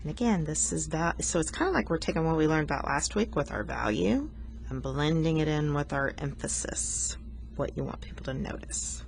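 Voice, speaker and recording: A woman's voice: low voice, normal speed, creaky, slight background noise. A woman art teacher talking students through a coloring lesson, patient and explanatory, teasing herself now and then.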